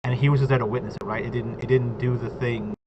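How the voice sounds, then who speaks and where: A man's voice: mid-range voice, fairly even intonation, fast talker. A man in casual chat about tabletop role-play, rambling and filling his talk with "like" and "right?". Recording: dull lo-fi audio with clear background noise.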